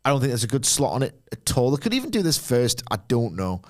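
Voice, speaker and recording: A man's voice: mid-range voice, huge pitch swings. Chatty man on a podcast. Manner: rambling, jokey, quick asides and laughs. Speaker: podcast co-host. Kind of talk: casual chat.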